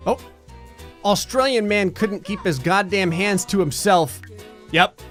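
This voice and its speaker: A man giving comedic, sarcastic commentary while playing a life-sim game, swinging from shrieking excitement to a low menacing mutter. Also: a little slow, soft background music. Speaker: gaming commentator. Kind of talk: comedic let's play commentary.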